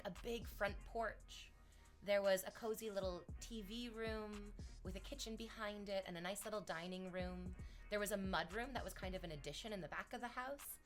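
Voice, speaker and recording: A woman streamer talking casually and telling stories from her own life. She wanders off on tangents and swears without a second thought. Her voice sits at a middle pitch, with faint music playing in the background. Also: fairly bright tone. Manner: chatty, digressive, swears casually. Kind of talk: casual chat and personal storytelling.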